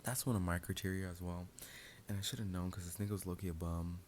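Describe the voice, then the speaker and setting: A young man telling a casual, profane story in a soft-spoken, half-whispered ASMR role-play, breaking into sudden loud outbursts. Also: low-pitched, steady tone, fast talker, a little hiss or hum.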